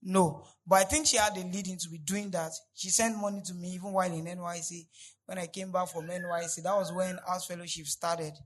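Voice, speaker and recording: A man preaching a sermon, repeating his points and rising to loud, emphatic peaks. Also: sits high, little pitch movement, fairly quick, poor audio. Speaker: pastor.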